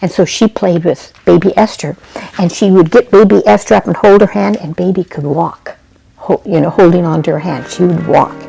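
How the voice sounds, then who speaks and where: Gravelly homespun woman storyteller. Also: on the low side, fairly even intonation, moderate pace, warm tone, low-quality recording. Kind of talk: oral storytelling to children.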